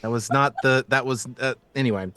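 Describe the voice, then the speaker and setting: A man's voice: medium pitch, sharp tone, no echo. A man running a tabletop role-playing game, narrating scenes with frequent ums and restarts. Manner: halting, full of ums and restarts. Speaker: game master.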